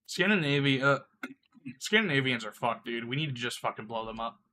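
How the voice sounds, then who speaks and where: A man chatting on a live stream while sick, his voice bright and sharp. He rambles crudely and breaks into frequent laughter. A faint noise sits underneath his voice. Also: medium pitch, animated, moderate pace. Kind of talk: casual live stream chat.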